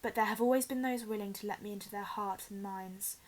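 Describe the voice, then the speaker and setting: Evil dark lord, woman doing it, cold hissing whisper, storybook villain, menacing. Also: mid-range voice, fairly even intonation, fairly quick, close to an everyday voice.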